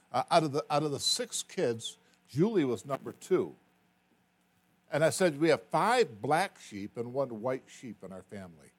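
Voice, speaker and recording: A male preacher delivering a sermon, his pitch swinging widely as he tells a personal story. He repeats words and builds to emphatic peaks, then drops soft and low. His voice sits at an ordinary middle pitch.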